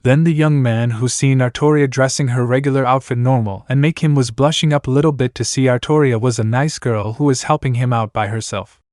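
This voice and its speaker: A man reading fan fiction aloud in a plain, steady storytelling voice with broken grammar. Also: mid-range voice, a little fast, few pauses, no room sound, studio quality.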